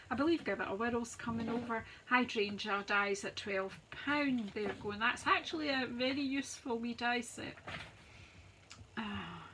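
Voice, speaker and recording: A woman's voice: on the high side, sharp tone, slight background noise, poor audio. A woman hosting a live craft stream, chatting to viewers as she rattles off sale prices like an auctioneer. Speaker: craft demonstrator, host. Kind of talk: live-stream product walkthrough.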